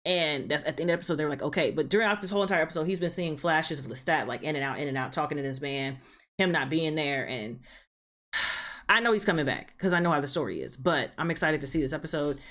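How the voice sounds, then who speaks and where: A woman's voice: low voice, fast talker, fairly bright tone. A woman hosting her reaction channel, chatting casually through an episode recap with lots of fillers and repeated phrases.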